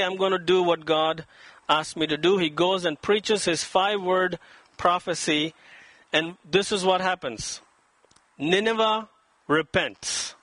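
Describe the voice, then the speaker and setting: A man preaching a sermon in a high, bright voice, and he throws himself into the quoted lines with dramatic emphasis. The sound is dry and close, with no room echo. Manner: dramatic, acts out quoted voices with rising pitch. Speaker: pastor.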